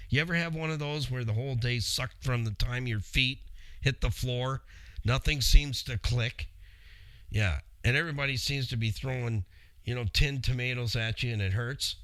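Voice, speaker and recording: A man's voice: medium pitch, fairly bright tone, smooth, no echo. A middle-aged man hosting a show, telling a long story in a rambling, chatty way and speaking straight to his listeners. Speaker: radio show host. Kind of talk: casual storytelling.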